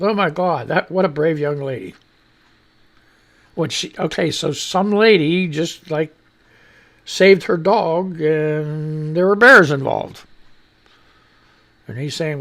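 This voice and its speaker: A man's voice: a little high, lively intonation, unhurried, creaky, a bit bright. A man hosting a lunchtime radio talk show, reading news items and posts aloud and riffing on them in a loose, rambling, joking way. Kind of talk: rambling comedic news commentary.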